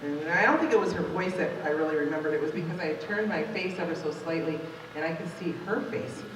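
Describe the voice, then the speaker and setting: Woman, forties, live storyteller, animated and expressive, very echoey hall, distant mic. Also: deep voice, fast talker, background noise. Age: 40s. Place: large event hall.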